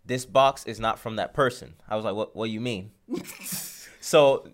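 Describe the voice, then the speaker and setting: A man's voice: lowish voice, normal speed. A man hosting a podcast, telling a story in casual chat and acting out phone calls, laughing often. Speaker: podcast host.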